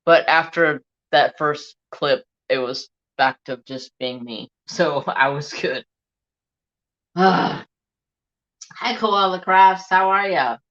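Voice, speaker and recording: Bright-voiced man telling a rambling story. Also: fairly high pitch, slow pace, dull audio. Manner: animated, profane, rambling anecdote. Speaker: craft livestream host. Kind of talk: casual live-stream storytelling.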